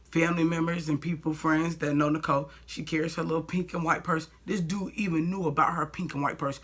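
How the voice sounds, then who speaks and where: A woman's voice: sits low, fairly even intonation, a little fast, husky. A young woman vlogger telling a personal story in a blunt, heated way, full of "like" and swearing. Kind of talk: storytime vlog.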